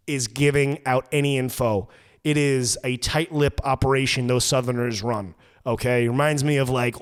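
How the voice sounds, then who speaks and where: A man's voice: mid-range voice, smooth, big-room sound. A man with a New York accent, co-hosting a podcast and ranting profanely for comedy. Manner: loud, fast-ranting, profane. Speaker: podcast co-host.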